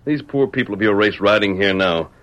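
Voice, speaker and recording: A man playing a firm, deep-voiced masked hero. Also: brisk, fairly bright tone, lightly acted. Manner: firm, commanding. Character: masked male hero, firm, righteous and decisive. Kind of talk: 1940s radio acting. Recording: dull old radio recording.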